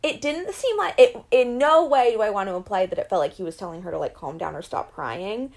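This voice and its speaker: A woman co-hosting a podcast in casual chat, animated and quick to laugh. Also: mid-range voice. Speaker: podcast co-host recapping a reality show.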